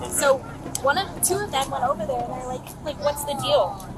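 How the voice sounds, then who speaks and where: High-voiced woman witness recounting events. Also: over a noisy crowd. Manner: earnest, hurried recounting. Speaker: witness, mother. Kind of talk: telling police what happened. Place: outdoors by a pool.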